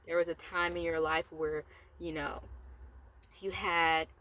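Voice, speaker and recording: A woman talks in a relaxed, chatty way from inside her parked car, a little low in pitch. She rambles between asides while keeping an encouraging motivational thread. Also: a little slow. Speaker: motivational vlogger. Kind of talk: casual motivational talk.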